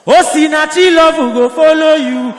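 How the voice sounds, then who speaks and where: A man with a Nigerian accent shouting to a concert crowd, chanting and singing between calls. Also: very high-pitched, moderate pace. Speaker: stage performer hyping a crowd. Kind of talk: live concert hype and singing. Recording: echoey live hall with crowd and music.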